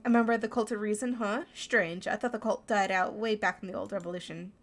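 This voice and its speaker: A woman's voice: mid-range voice, steady tone, fast, lightly acted. A woman voicing a musing male bird detective.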